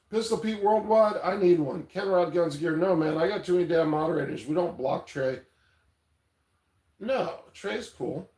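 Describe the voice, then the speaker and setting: A man's voice: fairly high pitch, darkish tone. Rambling man streaming in an echoey room. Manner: rambling, loose, reads chat aloud, swears casually. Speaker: livestream host. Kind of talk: casual livestream chat. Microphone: tablet mic.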